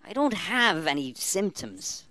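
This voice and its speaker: A woman putting on a low voice for a timid, bewildered male patient who mumbles and hesitates in a radio comedy sketch. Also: very animated, slow, pushed and bright, no echo, full character voice.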